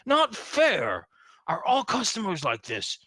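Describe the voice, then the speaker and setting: A man's voice: medium pitch, wildly swooping pitch, drawn-out words, bright, forceful tone, no room sound, clean studio sound, exaggerated voice. A man voicing a sulky young male orc bouncer who whines when his pride is hurt. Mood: whiny.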